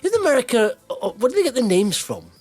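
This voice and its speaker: A man hosting a casual podcast, animated and teasing, talking in fits and starts. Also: extremely high pitch, fast talker, husky, soft background music. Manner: animated, teasing, self-interrupting. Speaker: podcast host.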